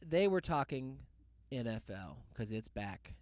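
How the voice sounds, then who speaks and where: Sarcastic man, lively swooping pitch, dry close sound, podcast host rant. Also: a little slow, no room sound. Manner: loud, sarcastic rants with laughs. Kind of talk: casual solo rant.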